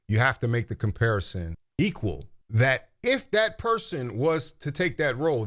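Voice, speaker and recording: A man's voice: mid-range voice, a bit bright. A man hosting commentary, making a pointed, rhetorical argument. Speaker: commentary host.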